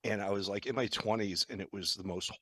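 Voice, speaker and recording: A man's voice: fairly low pitch, steady tone, a little fast, a bit bright, breathy edge, no room sound. A man co-hosting a podcast, telling a rambling anecdote with lots of "like". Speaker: podcast co-host. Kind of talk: casual storytelling.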